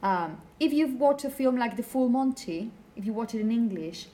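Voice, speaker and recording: A woman giving a classroom lecture, explaining slowly and often checking in with the students. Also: a little high, lively intonation, dark tone.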